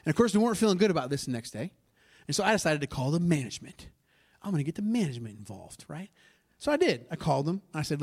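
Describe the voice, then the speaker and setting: Man, pastor, fairly high voice, conversational sermon storytelling, animated asides to the congregation. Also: fast talker, slightly rough.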